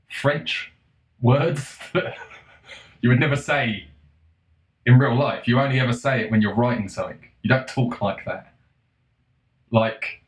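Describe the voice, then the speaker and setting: A man in the middle of a casual rant, sarcastic and exasperated, dropping swears and the odd laugh. His voice sits at an ordinary middle pitch. The room around him rings with noticeable echo. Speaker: vlogger. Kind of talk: casual ranting monologue.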